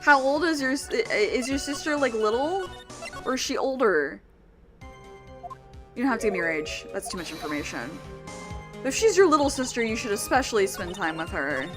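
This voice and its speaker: A woman's voice: fairly high pitch, expressive, moderate pace, over music. Chatty exasperated woman streamer. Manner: chatty, exasperated, talks straight to chat. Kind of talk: casual let's-play chat.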